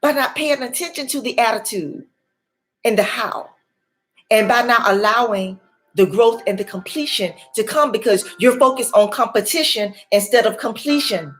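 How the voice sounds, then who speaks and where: Preacherly woman life coach, lively delivery. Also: on the high side, normal speed. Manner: preacherly, repeats key words for emphasis. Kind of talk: motivational faith talk. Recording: faint music behind.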